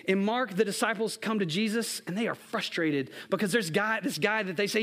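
A man's voice: high voice, brisk, few pauses, a bit bright. A man preaching a sermon, earnest and emphatic, building points through repeated phrases. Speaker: pastor.

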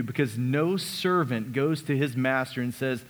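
A man preaching a sermon as a pastor, earnest, sometimes dropping his voice to a hush on key lines. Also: mid-range voice, measured pace, few pauses. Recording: long reverb of a large hall.

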